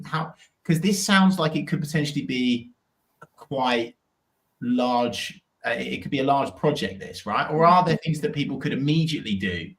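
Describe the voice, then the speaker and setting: A man's voice: a little high, fairly bright tone, roomy sound, rough recording. A man hosting a casual interview, asking enthusiastic, rambling questions. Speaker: podcast host.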